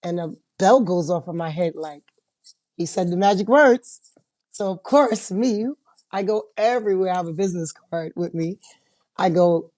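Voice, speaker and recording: A woman paralegal in a casual interview, telling stories in an animated way and laughing often. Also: lowish voice, moderate pace, no room sound.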